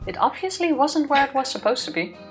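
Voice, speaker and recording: A woman co-hosting a let's play, reading a visual novel's first-person narration aloud in a plain, steady way. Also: high voice, brisk, faint music behind.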